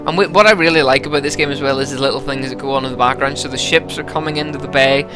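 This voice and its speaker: A man's voice: medium pitch, fairly even intonation, racing, music in the background. A man giving casual, rambling commentary over a story game, tipsy and chatty. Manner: chatty, rambling, laughs between lines. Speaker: gameplay commentator.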